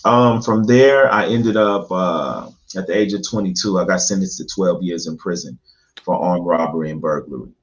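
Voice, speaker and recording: A man's voice: low-pitched, normal speed, dull audio. A man being interviewed as a guest, telling his personal story in an earnest, reflective way with rhythmic lists.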